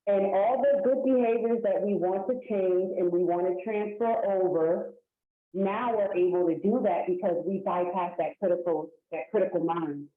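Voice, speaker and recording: A woman hosting a casual talk on hypnosis, explaining in a lively, slangy way and acting out little scenes. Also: medium pitch. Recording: echoey, tinny phone-like sound.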